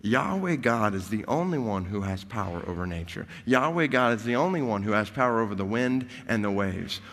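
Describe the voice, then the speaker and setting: Guy preaching a sermon, gets worked up telling the story, echoey hall. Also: fairly low pitch. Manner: preaching with rising intensity, animated retelling. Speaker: pastor.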